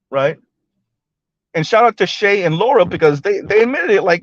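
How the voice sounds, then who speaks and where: A man's voice: sits high, animated, moderate pace, long pauses, no echo, lo-fi sound. A man, giving blunt casual commentary to a live chat and often asking "right?". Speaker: live stream host.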